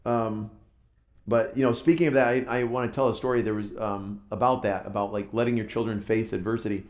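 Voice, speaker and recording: A man's voice: lowish voice, steady tone, fairly quick. A man preaching a sermon in a conversational, self-deprecating storytelling way, recorded in a church hall. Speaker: pastor. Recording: roomy echo.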